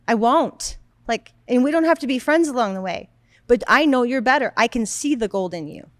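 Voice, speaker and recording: A woman's voice: on the high side, expressive, a little fast, no echo. A woman in her thirties co-hosting a podcast, talking in a blunt, emphatic casual way. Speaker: podcast co-host. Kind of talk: casual chat.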